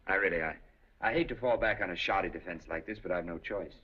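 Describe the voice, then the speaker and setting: An actor playing a penniless gentleman gambler in a 1930s film, polite but flustered and protesting. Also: deep voice, quick pace, husky. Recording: dull 1930s film soundtrack.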